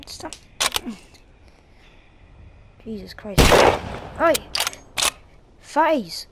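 A young woman with a bright, high voice runs a jokey gameplay commentary into her mic. She chatters to herself, teases, and breaks into yelps and shrieks when things go wrong. Loud game noise rumbles underneath her the whole time. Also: very animated, drawn-out words, vocal fry. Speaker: gaming streamer.

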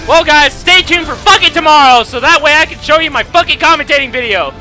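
A young man with a very high, sharp, piercing voice rages through an online match, swearing and shouting at the other players. His voice cracks from yelling. A little music plays faintly behind him. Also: lively intonation, fast talker. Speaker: gaming YouTuber. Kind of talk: angry live gameplay commentary.

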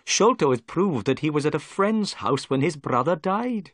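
A man's voice: fairly high pitch, lively intonation, normal speed, a bit bright, dry recording, studio quality, pitched above the performer's own voice. A man voicing a polite, apologetic middle-aged police inspector in a raised voice, read as a story. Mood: humble.

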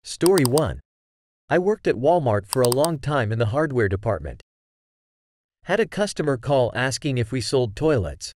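A man reading out online stories as scripted narration, with an even read-aloud delivery. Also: medium pitch, moderate pace, no echo.

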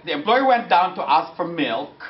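Animated man lecturing in a roomy hall. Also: fairly high pitch, moderate pace. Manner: animated, mixes French and Filipino phrases, laughing often. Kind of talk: lively lecture with anecdotes. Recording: distant roomy lo-fi recording with audience.

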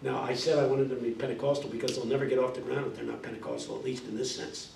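A man giving a lively, humorous classroom lecture to graduate students. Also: medium pitch, very fast, gravelly, a little hiss or hum. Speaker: guest lecturer. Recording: roomy, distant classroom recording.

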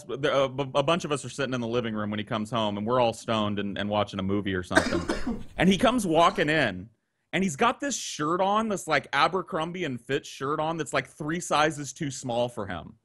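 A man's voice: medium pitch, a little fast. A man telling a long rambling story on a casual podcast, restarting sentences as he goes. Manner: rambling, animated, restarts often. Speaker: guest storyteller. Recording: noisy podcast audio.

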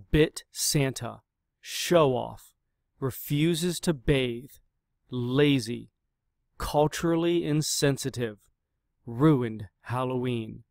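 A man reading a rhyming picture book aloud in an expressive, dramatic way. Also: mid-range voice, creaky, no room sound, studio quality. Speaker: storyteller.

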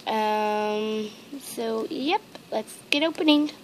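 Female toy vlogger, high-pitched and unhurried, gushing and full of ums, recorded on a handheld camera at home. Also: noisy background. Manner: rambling and gushing, with many ums and repeated exclamations. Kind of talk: casual unboxing chat to camera. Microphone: handheld camera mic.

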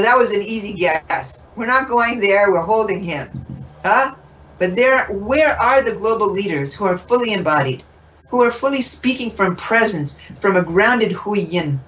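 Woman guest, expressive spiritual teacher, laughs a lot; recorded from afar, muffled. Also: medium pitch. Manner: expressive, laughs often, acts out dialogue. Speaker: interview guest. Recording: distant mic, muffled, faint noise.

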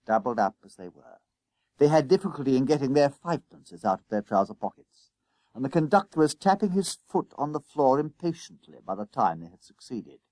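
A man reading his own children's book aloud as narrator, crisp and expressive. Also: medium pitch, fairly quick, no echo. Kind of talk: storybook narration.

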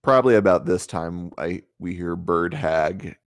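A man playing in a tabletop game, talking in a relaxed, rambling, wry way. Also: sits low, measured pace, no room sound, clean studio sound. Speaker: player. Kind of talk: casual tabletop play.

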